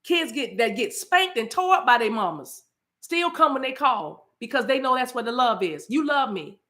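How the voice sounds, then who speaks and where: A woman's voice: on the high side, big pitch swings, moderate pace, pushed and bright. A woman from the eastern United States, preaching spontaneously to a live chat, fervent and repetitive, breaking into speaking in tongues. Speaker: spiritual livestream host.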